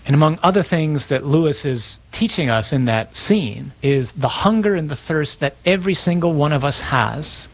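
A man preaching a sermon to his parish in a conversational, storytelling way. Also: on the high side.

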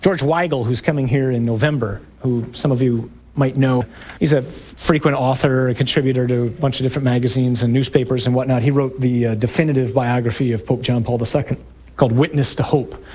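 A middle-aged priest giving an emphatic talk to a parish group, building up to loud exclamations. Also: male voice, medium pitch, fairly even intonation, a little fast.

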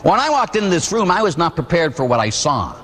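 A man in his forties from Pittsburgh, a priest preaching a sermon with animated storytelling and acted-out voices. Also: on the high side, quick pace, big-room sound. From Pittsburgh, USA. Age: 40s. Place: church.

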